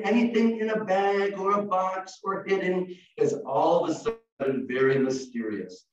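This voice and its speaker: Man, high voice, theatrical animal calls, echoey, far off. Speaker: early childhood educator presenting. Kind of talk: animated demonstration for teachers. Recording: far from the mic, echoey and dull.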